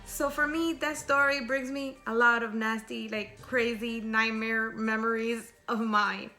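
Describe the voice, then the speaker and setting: Bright-voiced woman telling a scary story. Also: on the high side, unhurried, soft background music. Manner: chatty, lively, asks rhetorical questions.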